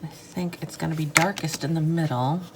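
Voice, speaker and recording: Over background noise, a US woman speaks at normal speed in a low, steady voice while she draws and colors. It's a casual vlog about art supplies, full of rambling, hesitation, and self-deprecating remarks.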